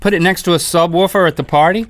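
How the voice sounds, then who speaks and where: A man co-hosting a comedic food-tasting show, with playful, exaggerated excitement. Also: sits high, fast talker. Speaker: co-host.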